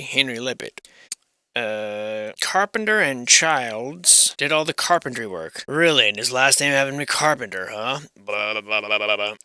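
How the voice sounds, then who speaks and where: A man's voice: mid-range voice, pushed and bright, smooth, no echo. A man giving casual, rambling commentary on old photographs of historic houses, sarcastic and irreverent, swearing freely and thinking aloud. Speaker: channel host.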